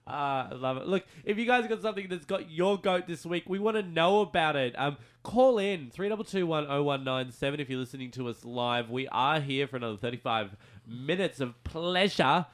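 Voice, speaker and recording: A man hosting a radio show in a studio, chatting casually with animated, stammering restarts and sudden leaps into a high voice. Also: a little fast, few pauses.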